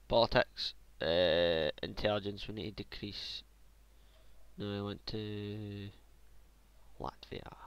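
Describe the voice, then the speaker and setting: A man's voice: lowish voice, steady tone, slow, pauses often, smooth, muffled recording. A man casually commentating his own strategy game, muttering to himself, joking and swearing now and then. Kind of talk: casual let's play commentary.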